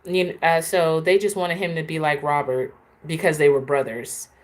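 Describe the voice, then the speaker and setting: A woman's voice: low-pitched, steady tone, normal speed. A woman hosting a casual, opinionated live chat, talking straight to her viewers. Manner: chatty, opinionated, answers viewers. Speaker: host.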